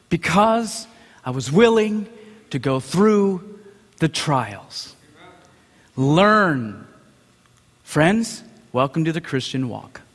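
Middle-aged male preacher with a high voice, dramatic and animated, in a big reverberant hall. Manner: dramatic, acts out quotes, swings from hushed to shouting. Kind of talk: sermon.

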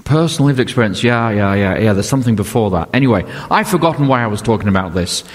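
Older man, pastor, low voice, conversational sermon, rhetorical questions, long reverb of a church hall. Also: expressive, fast.

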